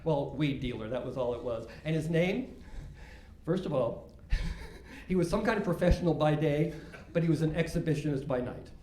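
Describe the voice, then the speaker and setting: A man's voice: on the high side, normal speed, mellow, reverberant, slight background noise. An older man doing a stand-up comedy set, rambling and self-mocking, with many false starts.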